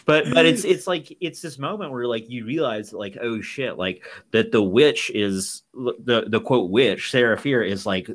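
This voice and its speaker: A man co-hosting a podcast, recapping a film in a halting way and often restarting his sentences. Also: medium pitch. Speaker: podcast co-host. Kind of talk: casual spoiler review chat.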